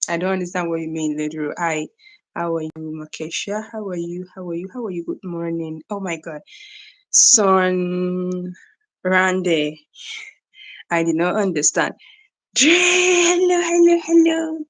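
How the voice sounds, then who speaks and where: A woman's voice: fairly low pitch, steady tone, a little slow. A young woman from Nigeria hosting a casual morning livestream, greeting viewers by name and often repeating herself. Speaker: livestream host. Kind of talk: casual live-stream chat with viewers.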